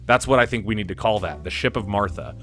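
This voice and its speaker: A man hosting a live stream, talking in a casual, animated way. He laughs often and repeats and restarts his words. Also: fairly low pitch, quick pace, faint music behind.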